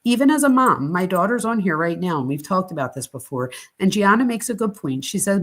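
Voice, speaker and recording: A woman's voice: mid-range voice, expressive, moderate pace. A middle-aged woman hosting a live psychology talk stream, speaking candidly and chattily with casual swearing. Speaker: host.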